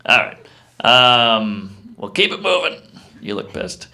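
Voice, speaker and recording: A man doing a stand-up comedy set in a live club, delivering deadpan one-liners with quick asides to the crowd. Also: mid-range voice, heavy background noise.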